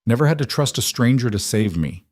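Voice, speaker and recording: A man's voice: mid-range voice, animated, fairly quick, a little mellow, dry recording, voice pushed up, lightly acted. A man reading a story aloud, voicing a wounded young duke who speaks in a proper, precise, earnest way, close on a dry mic.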